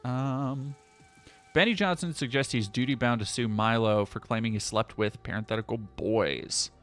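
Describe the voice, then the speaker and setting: A man's voice: medium pitch, normal speed, a bit bright, faint music behind. A man streaming, reading news headlines aloud and reacting with sarcastic asides. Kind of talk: casual stream commentary.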